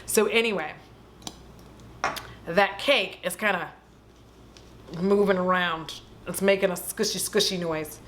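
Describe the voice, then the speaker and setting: A woman hosting a casual vlog, retelling a film in an animated, profane storytelling way. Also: lowish voice, unhurried, long pauses. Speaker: host. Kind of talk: casual movie recap vlog.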